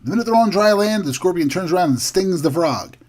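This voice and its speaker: A man's voice: high-pitched, expressive, fairly quick, darkish tone. A man hosting a heated, combative political commentary monologue. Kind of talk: opinionated podcast monologue.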